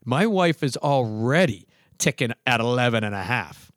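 A man's voice: medium pitch, normal speed, no echo, clean studio sound. A man telling a story in casual chat, acting out the voices and laughing as he goes. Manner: animated, acts out voices, laughs through the telling.

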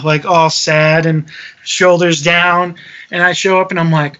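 Animated swearing young man, lo-fi. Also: sits high, normal speed. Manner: animated, swears freely, acts out quotes. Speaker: touring musician telling a story. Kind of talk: casual storytelling.

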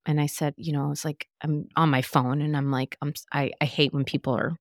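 A woman's voice: low voice, level tone, brisk, dry recording, clean studio sound. A woman hosting a podcast, telling a personal story candidly, with many fillers and restarts. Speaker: podcast host. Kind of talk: casual chat.

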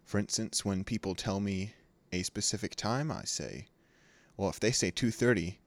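A young man from California co-hosts a casual podcast. His voice sits on the lower side, and he rambles from one joke to the next, laughing easily. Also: normal speed, no echo. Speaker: podcast co-host.

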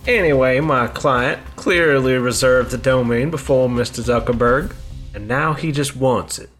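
A man improvising a comedy scene, quick and teasing. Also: medium pitch, a bit bright, faint music behind.

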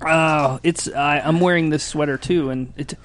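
A woman hosting a casual talk show, giggly and self-deprecating, often halting mid-sentence. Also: low-pitched, steady tone, no echo. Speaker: show host. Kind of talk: casual chat.

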